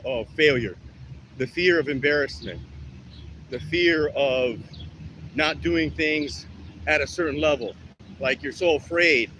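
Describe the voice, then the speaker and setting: A man's voice: a little high, a bit bright. A man ranting with a lot of swearing during an outdoor workout vlog, winded between exercises, with traffic around him. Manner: profane, heated and preachy. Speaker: fitness vlogger.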